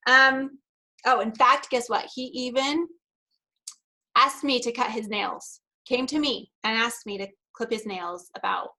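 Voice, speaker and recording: A woman with a slightly raised pitch presents at a virtual conference. She tells a personal story in a relaxed, chatty way, laughing along, and later reads from prepared notes. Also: poor audio. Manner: partly reading prepared remarks. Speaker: NLP practitioner and speaker.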